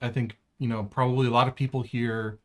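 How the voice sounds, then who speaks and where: A man's voice: mid-range voice, flat delivery, brisk, fairly bright tone. A man co-hosting a podcast in casual chat, easygoing and teasing. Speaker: podcast co-host.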